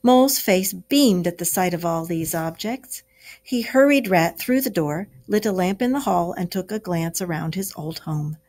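In a classroom read-aloud, a female teacher pauses to explain words for her young pupils as the story goes on. She speaks at a moderate pace in an expressive, lowish voice with a darkish tone.

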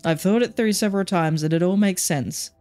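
A woman's voice: fairly low pitch, brisk, dark tone, no room sound, faint music behind, close to an everyday voice. A woman voicing a blunt, teasing older nurse in a story game, reading her lines in a dry, matter-of-fact way.

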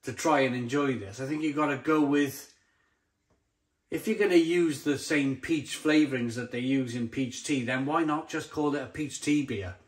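A man's voice: mid-range voice, moderate pace. A man reviewing a beer to camera in a blunt, exasperated way, often stumbling and repeating himself. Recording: roomy echoey sound.

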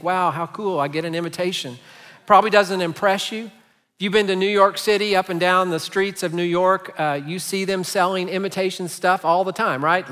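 A man's voice: sits high, pushed and bright, big-room sound. A man preaching a sermon as pastor, telling stories and asking rhetorical questions in a conversational way. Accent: Texan. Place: large church sanctuary.

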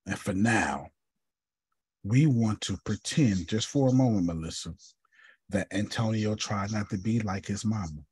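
Husky low-voiced man teaching bluntly. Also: unhurried, darkish tone, no room sound. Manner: blunt, joking, calls on listeners by name. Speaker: teacher and coach. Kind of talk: lively teaching session with a group. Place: online group video call.

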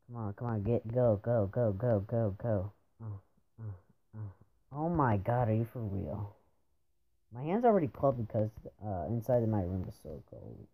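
A man's voice: fairly low pitch, animated, unhurried. Frustrated young man gaming, lo-fi mic. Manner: frustrated, keeps exclaiming and groaning at the game. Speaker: gamer. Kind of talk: gaming commentary. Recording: dull lo-fi home mic with faint hiss.

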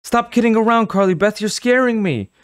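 Man putting on a shrill frightened little boy, panicky, pleading, audiobook voice, dry close sound. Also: wildly swooping pitch, moderate pace, dry recording, heavily acted. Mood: angry. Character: scared, whiny little boy in bug costume. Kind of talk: audiobook character voice.

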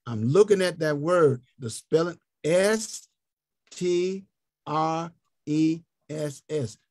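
A man leads an online health teaching session, slightly high-pitched and unhurried, repeating his points and spelling words out letter by letter. The sound is close and dry, with no room around it. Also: a little mellow, no echo. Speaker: health ministry speaker. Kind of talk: interactive online teaching talk. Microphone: online call.

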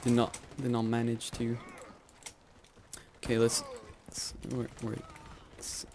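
A man's voice: medium pitch, completely flat delivery, slow pace, a little hiss or hum. Young man rambling over gameplay. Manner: rambling, laughs and yells at the game. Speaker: gaming channel host. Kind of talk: live gameplay commentary.

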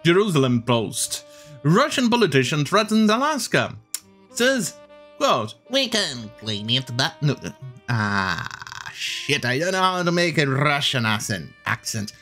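A man's voice: on the high side, big pitch swings, a little slow, fairly bright tone, soft background music. A man hosting a mocking news-commentary rant, swearing and laughing as he goes. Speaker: commentary host.

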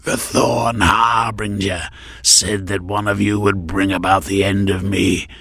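A man voicing a menacing masked assassin in an audiobook, with a growling, raspy, half-whispered delivery. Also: low voice, flat delivery, a little slow, fairly bright tone, dry recording, pitched above the performer's own voice, full character voice. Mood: taunting. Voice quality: growling rasp. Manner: taunting, hissed and half whispered.

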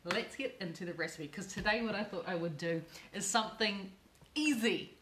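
A woman's voice: mid-range voice, normal speed, echoey room, noisy background. A middle-aged woman hosting a live cooking channel video, effusive and emotional, repeating words for emphasis.

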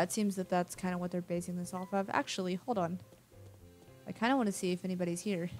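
A woman giving casual let's-play commentary, rambling and thinking aloud as she plays. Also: on the low side. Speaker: gamer.

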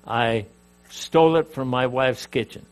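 A man's voice: mid-range voice, a little slow. An older man from Canada teaching a sermon, emphatic, rising and dropping in volume, with asides and jokes to his audience. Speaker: preacher.

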